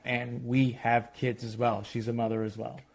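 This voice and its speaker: A man, a screenwriter, walking through a screenplay treatment in a lively retelling that quotes the characters. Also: medium pitch, normal speed, vocal fry. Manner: animated retelling, quoting characters.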